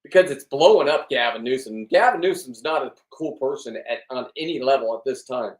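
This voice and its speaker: A middle-aged vlogger delivers a rambling, blunt monologue, swearing often and restarting his sentences. His mid-range voice is expressive and a little fast, recorded far from the mic in an echoey room.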